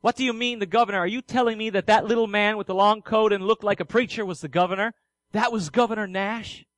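A preacher acting out a sullen young man on death row, brushing off every visitor in a high, bright voice. The sound is close and dry, with no room around it. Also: fairly even intonation, quick pace, no echo. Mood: stunned. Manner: curt, dismissive, then despairing.

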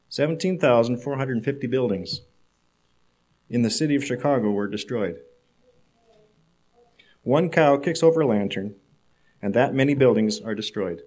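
A man's voice: medium pitch, darkish tone. Emphatic male preacher. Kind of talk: sermon with storytelling.

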